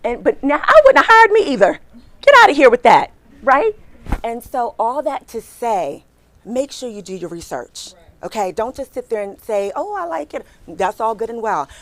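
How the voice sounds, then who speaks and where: This middle-aged woman, a recruiter, keeps her career workshop buzzing with rapid, talkative delivery and questions for the room. Her pitch is a little high.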